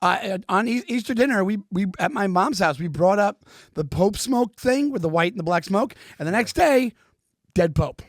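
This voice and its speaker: Male podcast co-host, high voice, giggly riffing, dry close mic. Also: lively intonation, moderate pace, no room sound. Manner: giggly, laughs often while riffing. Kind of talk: casual comedic chat.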